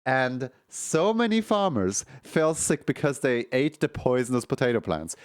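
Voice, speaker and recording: A man's voice: on the high side, no room sound, studio quality. A man streaming, telling a long rambling story in casual chat, full of fillers, restarts and laughs at his own jokes.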